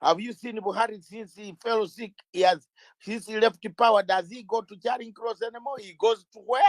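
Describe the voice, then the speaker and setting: High-voiced man firing rhetorical questions. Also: steady tone, normal speed, dry recording. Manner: emphatic, fires rhetorical questions, raises voice; stumbles and restarts words. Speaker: interview guest, legal campaigner. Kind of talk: impassioned interview talk.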